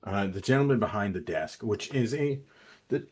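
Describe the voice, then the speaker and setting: Low-voiced man running a tabletop game. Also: moderate pace, slightly rough, soft background music. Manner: relaxed, hesitant, many fillers. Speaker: game master.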